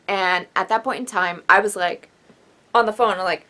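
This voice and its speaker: A woman's voice: medium pitch, moderate pace, pushed and bright. Emotional young woman telling her story. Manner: rambling, emotional, with sighs and apologies. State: tearful at times. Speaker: vlogger. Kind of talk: personal story vlog.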